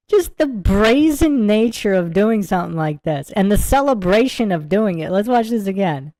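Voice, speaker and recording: A woman's voice: medium pitch, animated, normal speed, hardly any pauses, warm tone, no room sound. A woman hosting a casual livestream, giving a rambling reaction commentary on a sports clip and breaking into laughter again and again. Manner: giggly, keeps breaking into laughter; rambling, repeats itself. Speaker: livestream host.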